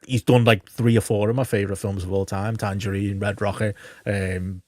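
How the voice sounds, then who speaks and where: A podcast co-host chats casually and with enthusiasm, rambling and using lots of fillers. His voice is lowish and a little mellow, with a flat delivery at a moderate pace. The recording is clean studio sound with no room sound.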